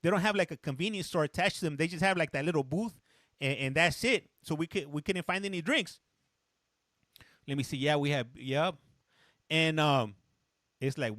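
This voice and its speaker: Recorded with studio quality and no echo, this man's voice is a little high and a bit bright. He's a livestream host spinning a loose, talkative story, pausing frequently to read and reply to viewer chat, and he drops into Spanish for short moments here and there.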